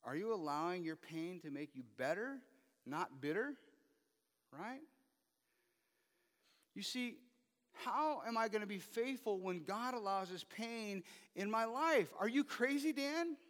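A man's voice: high voice, animated, measured pace, long pauses, fairly bright tone. A man pastor preaching a sermon, pressing his listeners with rhetorical questions. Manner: asks the audience many rhetorical questions. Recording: long reverb of a hall.

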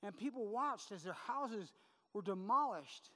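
A middle-aged man preaching a sermon as pastor, conversational and full of quick "right?" asides to the congregation. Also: sits high, lively intonation, pushed and bright, in a large hall.

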